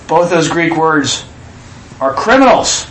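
High-voiced, animated male preacher. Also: slow pace, roomy sound. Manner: animated, acts out quotes with sudden shouts. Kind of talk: sermon.

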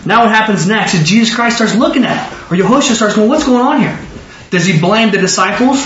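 Man preaching a Bible study, high voice, quizzes the room, echoey dull recording from far off. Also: a bit bright, a little hiss or hum. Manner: quizzes listeners with rapid questions. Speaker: Bible teacher. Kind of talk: interactive Bible study sermon.

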